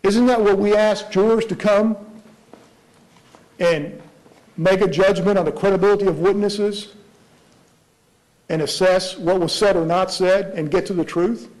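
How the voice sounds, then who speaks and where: A man's voice: high-pitched, steady tone, unhurried, long pauses, darkish tone, rough recording. A man arguing as prosecutor in a courtroom, pressing his point with rhetorical questions. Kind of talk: courtroom argument before a judge.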